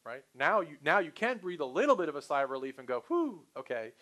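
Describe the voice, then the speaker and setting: Quick-paced and on the high side, a man's voice carries a live sales training session. He speaks casually to trainees and brings short phone exchanges to life, animatedly acting out customer and salesperson parts.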